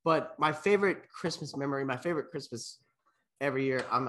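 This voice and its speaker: A young man co-hosting a casual podcast, talking in a loose, rambling way at a middle pitch. He trails off and chokes up at times as he talks. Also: fairly quick, a bit bright, slight background noise. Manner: rambling, gets emotional and chokes up. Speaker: podcast co-host. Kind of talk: casual chat.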